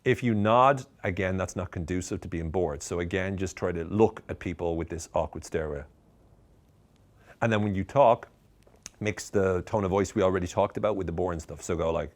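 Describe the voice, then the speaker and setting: A man with a very deep voice delivers a tongue-in-cheek lesson straight to camera. His delivery is lively and emphatic, laced with dry irony. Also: moderate pace. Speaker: speaker teaching communication skills.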